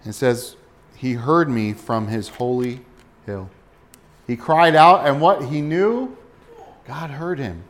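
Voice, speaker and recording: A man's voice: mid-range voice, lively intonation, slow, long pauses. Man preaching a sermon with direct questions. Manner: direct, asks listeners rhetorical questions. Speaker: pastor.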